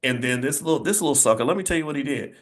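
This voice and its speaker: A man's voice: mid-range voice, very fast. A man giving a motivational speech to a live audience, with an emphatic, preacher-like cadence, repeated phrases and blunt folksy asides.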